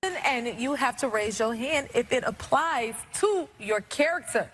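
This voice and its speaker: High, animated woman hosting TV talk. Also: unhurried. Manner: bubbly and animated. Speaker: talk show host. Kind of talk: daytime talk show hosting. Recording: TV studio with live audience.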